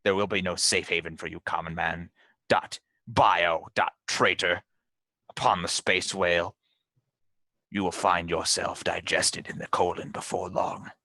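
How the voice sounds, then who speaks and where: A man's voice: deep voice, flat delivery, a little slow, vocal fry, pushed and bright, no echo. A man playing a tabletop role-playing game, giving a grandiose, menacing in-character speech.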